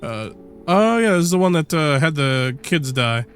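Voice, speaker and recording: A man's voice: fairly high pitch, expressive, normal speed, soft background music. A young man streaming a game, reading its lines and reacting in a casual, wry way and swearing freely. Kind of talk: gameplay commentary.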